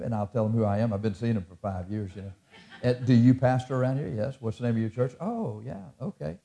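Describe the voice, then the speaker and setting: Folksy pastor, mellow voice. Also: male voice, medium pitch. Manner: folksy and conversational, quoting hymn lyrics. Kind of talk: sermon.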